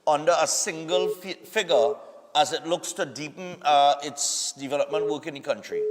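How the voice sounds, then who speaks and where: A man's voice: fairly high pitch, moderate pace, long reverb tail. Trinidadian man hosting with a cold. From Trinidad and Tobago. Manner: relaxed, repeats words while thinking. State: has a cold and sore throat. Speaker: host. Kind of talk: morning show call-in chat.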